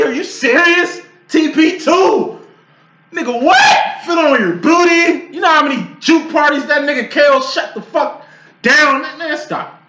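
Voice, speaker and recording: A man, giving a casual, profane tarot reading that rambles and breaks into loud outbursts. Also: very high-pitched, roomy sound, highs cut off. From Chicago. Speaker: tarot reader.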